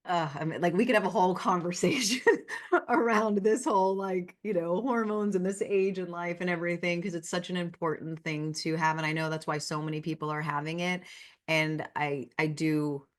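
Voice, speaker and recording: A woman's voice: on the low side, fairly even intonation, moderate pace. A woman speaking as a guest in a casual interview, telling personal stories in an earnest, heartfelt way.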